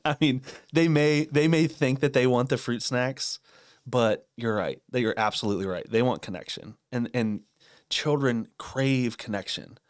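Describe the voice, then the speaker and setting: A man's voice: mid-range voice, moderate pace, clean tone, no echo, clean studio sound. A man in his thirties co-hosting a casual parenting podcast, candid and earnest, laughing at his own shortcomings. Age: 30s. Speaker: podcast co-host.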